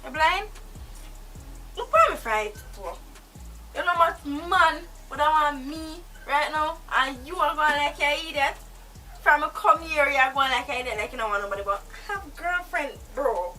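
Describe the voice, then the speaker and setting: A woman's voice: sits high, animated, moderate pace, soft background music, low-quality recording. Woman playing a volatile Jamaican captor. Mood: angry. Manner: volatile, swings from hushed threats to shouting. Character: unstable woman holding a man captive. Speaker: actor. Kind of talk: acted film drama.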